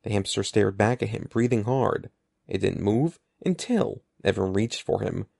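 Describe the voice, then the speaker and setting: A man narrating an audiobook in an expressive, lively storytelling manner. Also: lowish voice, moderate pace, gravelly, no echo, studio quality. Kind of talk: scripted narration.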